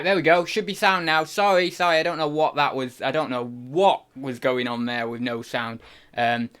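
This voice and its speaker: A man's voice: a little high, fairly bright tone. A man hosting a live stream, chatting casually and rambling with self-deprecating asides. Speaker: livestream host.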